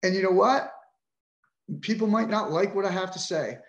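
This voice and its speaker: A man's voice: high voice, moderate pace, roomy sound, lo-fi sound. A middle-aged man telling his own story on a podcast, emotional, frustrated and indignant, with frequent swearing. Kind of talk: emotional personal account.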